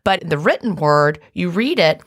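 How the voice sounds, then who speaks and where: A woman's voice: lowish voice, big pitch swings, moderate pace. A woman in a casual chat who reflects on past experience and gives simple, practical advice. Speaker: former online group moderator.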